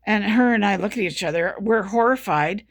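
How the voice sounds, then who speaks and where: Speaking at normal speed in a mid-range voice, a woman recounts her story as a patient. The commentary is casual, and she sounds earnest and frustrated, going over the same points repeatedly.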